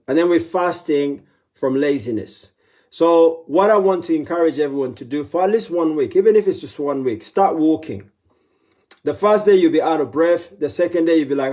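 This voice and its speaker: A man's voice: fairly high pitch, dark tone. A middle-aged man giving a live motivational talk, repeating his advice with emphasis and acting out little voices for effect. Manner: repetitive, emphatic advice with playful voiced asides. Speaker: motivational speaker.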